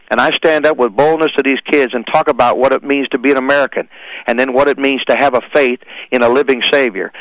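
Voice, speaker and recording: Man, mid pitch, impassioned speaker reciting verse, dry close sound. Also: fairly bright tone, no room sound, poor audio. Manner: dramatic, preacherly delivery. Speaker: speaker at high schools.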